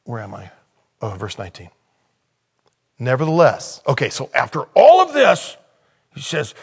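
Animated, conversational male preacher. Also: moderate pace. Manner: animated preaching with sudden loud, high emphasis; conversational, thinking aloud. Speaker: pastor. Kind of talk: sermon.

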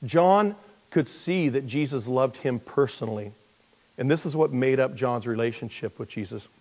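A male pastor delivering a sermon in a relaxed, talky way, often restarting phrases. He now and then jumps into playful high voices to act out characters. His voice rings out with a long hall reverb. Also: normal speed. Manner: conversational, with frequent restarts and jokey high-pitched character voices.

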